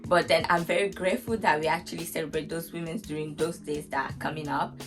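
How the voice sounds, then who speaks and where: Chatty expecting mother over soft guitar. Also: deep voice, steady tone, fast talker. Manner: chatty, laughs often, restarts sentences. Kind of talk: casual chat. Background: soft guitar music.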